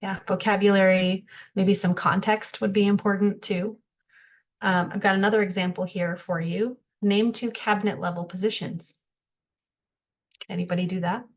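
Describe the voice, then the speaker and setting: A woman's voice: medium pitch, steady tone, normal speed, highs cut off. A woman leading an online workshop over a video call, speaking in a friendly, conversational way with frequent fillers. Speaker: workshop presenter.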